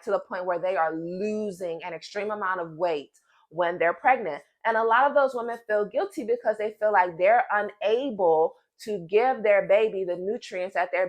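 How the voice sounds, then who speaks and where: Emphatic pregnant woman venting to camera. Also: medium pitch. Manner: emphatic and animated, addresses viewers as "y'all" and "girl". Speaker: vlogger.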